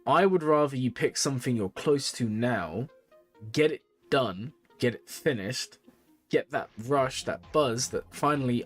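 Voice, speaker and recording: Here a male streamer reviewing game accounts gives casual, meandering tips to his audience, moderately paced with faint music underneath. Worn out and yawning, he still chats away in a lively pitch, repeating himself often.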